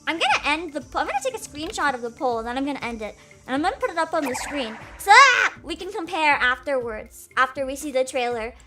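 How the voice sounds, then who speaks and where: A woman's voice: high voice, sing-song, quick pace, over music. A woman streaming live as a VTuber, hyper and giggly, chatting casually, swearing freely and greeting viewers by name.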